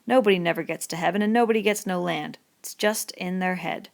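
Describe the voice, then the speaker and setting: A woman reading the part of a bitter, lonely middle-aged male stable hand in a rough rural dialect, in an audiobook. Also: fairly low pitch, a little fast. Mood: scornful.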